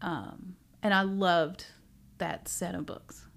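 A middle-aged woman, a bookstore owner, chatting casually as a podcast guest, animated and laughing often as she tells stories. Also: fairly low pitch, takes it slowly, vocal fry. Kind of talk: casual interview chat.

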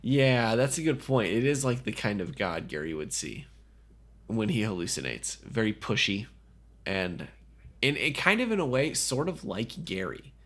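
A man's voice: on the low side, sing-song, normal speed, fairly bright tone. A man co-hosting a casual movie podcast, jokey and rambling, laughing often. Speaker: podcast co-host.

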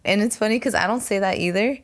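A young woman co-hosts a casual podcast. Her speech is laid-back and slangy, full of "dude" and "you feel me." Her voice sits at a plain middle pitch. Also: quick pace. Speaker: podcast co-host. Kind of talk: casual chat.

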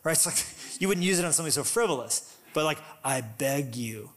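A man preaching a sermon in a lively, conversational way. His voice sits a little higher than most men's. He breaks into loud, emphatic runs. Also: fast. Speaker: pastor.

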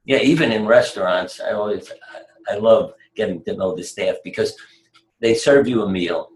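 An older man with a fairly low voice shares anecdotes as an interview guest. His manner is chatty and wry, and he chuckles at his own stories. The sound carries a noticeable room echo. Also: normal speed, a little mellow. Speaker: guest, retired surgeon.

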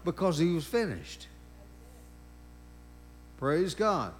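A man with a fairly high, animated voice preaches a sermon. He's emphatic and drawn-out, repeating phrases and breaking in with praise interjections.

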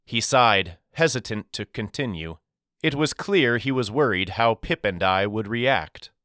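A man narrating a first-person novel for an audiobook in a measured, expressive storytelling manner. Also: lowish voice, dry recording, studio quality.

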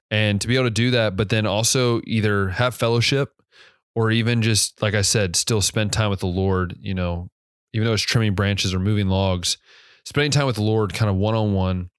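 A man's voice: fairly low pitch, smooth, no echo, clean studio sound. A young man hosting a podcast, talking casually and reflectively, rambling and correcting himself with many fillers, and a bit drowsy from yawning. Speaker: podcast host.

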